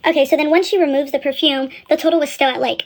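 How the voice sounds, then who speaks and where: A woman's voice: sits high, fairly even intonation, fast talker. A young woman who works in retail, telling a story in a casual, blunt way with lots of fillers and some swearing. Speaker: retail store employee.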